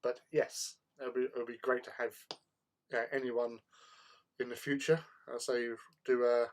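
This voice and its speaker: A man hosts a laid-back hobby livestream in an easy, conversational voice. His pitch sits in an ordinary middle range for a man. He talks loosely and often repeats words as he gathers his thoughts. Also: measured pace. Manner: relaxed, chatty, often repeats words while thinking; responds to viewer chat while painting. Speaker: livestream host. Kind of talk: casual hobby livestream chat.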